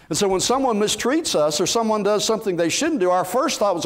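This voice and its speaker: A man's voice: high voice, brisk, few pauses. A man preaching a sermon, acting out what Bible figures might have said. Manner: animated preaching, acting out Bible characters' words. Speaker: pastor.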